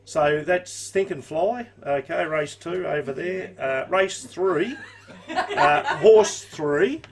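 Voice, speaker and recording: A man's voice: fairly high pitch, lively intonation, slow pace, crowd noise. An Australian man giving horse racing tips and odds in an easygoing live-stream chat, full of casual slang. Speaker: racing tipster.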